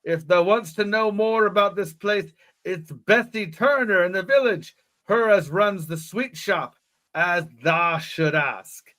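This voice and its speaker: A man voicing a kindly old rural shepherd with a high, cracked old-man voice and folksy dialect. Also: lively intonation, slow pace, long pauses, a little mellow, full character voice. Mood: brusque.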